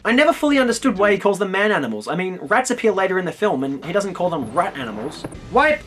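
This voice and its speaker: A male film reviewer reading a scripted commentary, full of sarcasm and mockery. He speaks quickly in a fairly high voice. A faint hiss sits under the recording. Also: sing-song. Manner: sarcastic, mocking.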